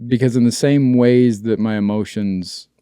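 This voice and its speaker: A man's voice: mid-range voice, steady tone, normal speed, dark tone, smooth, dry recording, studio quality. A man co-hosting a podcast, speaking earnestly and reflectively, often hesitating and restarting his sentences. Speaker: podcast co-host. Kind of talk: casual chat.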